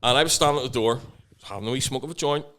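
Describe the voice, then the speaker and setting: A man's voice: mid-range voice, rapid-fire, fairly bright tone. A man co-hosting a podcast, chatting casually and swearing freely, acting out his stories in different voices. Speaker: podcast co-host. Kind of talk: casual banter.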